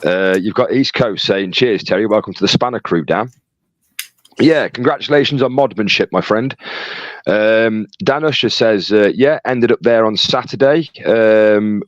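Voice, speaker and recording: A man's voice: fairly low pitch, no echo, muffled recording. A man co-hosting a casual livestream, reading out chat messages in a jokey, chatty way. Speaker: co-host reading live chat.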